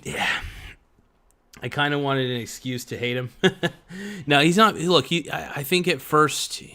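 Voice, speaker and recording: A man's voice: mid-range voice, sharp tone. A man hosting a podcast, ranting in profane, sarcastic commentary and mocking people in put-on voices. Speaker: podcast host.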